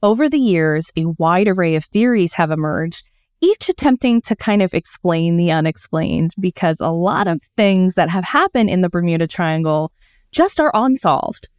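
A woman's voice: fairly low pitch, expressive, normal speed, a little mellow, clear, resonant tone, no room sound, studio quality. A woman co-hosting a casual podcast, telling a history mystery in a chatty way with many fillers and small restarts. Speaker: podcast co-host.

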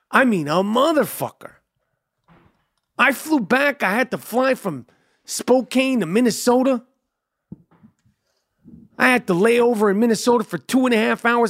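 A man with a notably high voice rambles through a casual podcast monologue, swearing freely and circling back on himself with ums and uhs. The sound is close and dry, with no room around it. He talks like a comedian catching up with his listeners. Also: fairly bright tone, no echo. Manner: profane, loose storytelling with frequent fillers. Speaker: podcast host and stand-up comedian.

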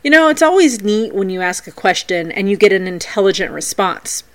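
Brisk and medium-pitched, a woman hosting a podcast runs through tales of her paranormal investigations, reading from a script while staying lively and playful.

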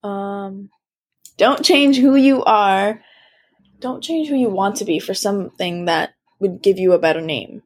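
A woman's voice: mid-range voice, unhurried. A teenage woman being interviewed, talking casually and frankly. She is emphatic, full of fillers, and sounds plainly young. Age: teens. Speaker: interview guest.

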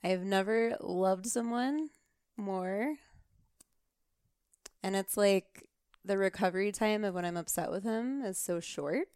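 A woman's voice: mid-range voice, unhurried, pauses often, darkish tone, smooth, no echo, studio quality. A young woman guest on a podcast, chatting casually and laughing easily, with lots of "like". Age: young adult. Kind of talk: casual chat. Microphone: close podcast microphone.

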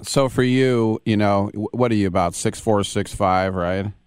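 A man's voice: on the low side, normal speed, clear, resonant tone, no room sound, studio quality. A male radio host asking playful, joking questions in an interview.

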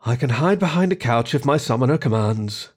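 A man voicing a grumpy, sarcastic male bear elemental in a storybook reading, speaking slowly and dryly. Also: mid-range voice, animated, breathy edge. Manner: dry, sarcastic, slow and deliberate.

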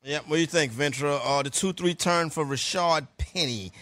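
A man's voice: on the high side, a bit bright, no room sound. Upbeat male radio host, dry studio. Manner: quick, upbeat, directs the panel. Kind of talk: fantasy football call-in talk.

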